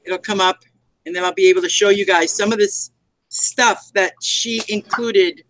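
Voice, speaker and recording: A woman's voice: medium pitch, fairly even intonation, moderate pace, a bit bright, rough recording. A woman in casual chat on a video call, telling a story and showing off her craft finds. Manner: chatty storyteller.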